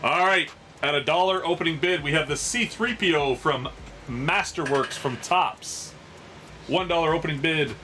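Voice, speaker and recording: A man's voice: fairly high pitch, normal speed, bright, forceful tone, slight background noise. A man in his thirties hosting a sports card auction stream, joking profanely and laughing hard at his own stories. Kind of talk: casual livestream auction chat.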